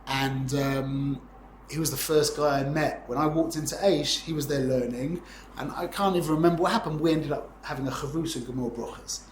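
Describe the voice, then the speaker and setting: A man's voice: fairly high pitch, fairly even intonation, a little fast, echoey room, slight background noise. A man in his forties giving an informal Torah class, talking in a rambling, conversational way and often checking in with "yeah?". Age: 40s. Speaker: Torah teacher.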